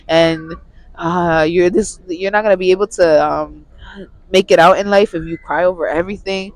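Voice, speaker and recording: A woman's voice: fairly low pitch, a little fast, dry recording, poor audio. A young woman on a podcast, talking in a casual, rambling way and often restarting her sentences. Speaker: podcast co-host. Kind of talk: casual chat. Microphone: studio mic.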